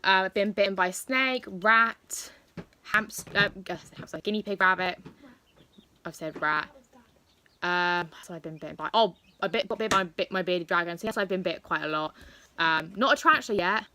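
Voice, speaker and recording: A woman's voice: medium pitch, moderate pace, bright, forceful tone, slight background noise. An eighteen-year-old woman, answering viewer questions in a chatty, rambling pet vlog with many fillers. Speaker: pet YouTuber. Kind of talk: casual Q&A vlog.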